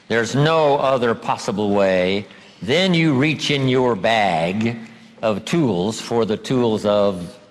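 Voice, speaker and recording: A man giving a motivational seminar lecture, emphatic and drawing out key words slowly. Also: mid-range voice, a little hiss or hum. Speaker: seminar speaker. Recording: long hall reverb.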